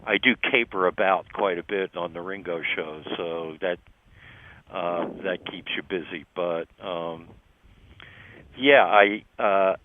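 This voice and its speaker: An older man with a Philadelphia accent, talking as an interview guest in a relaxed, halting way with many ums and uhs. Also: low-pitched. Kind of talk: phone interview chat. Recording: tinny phone line, faint noise.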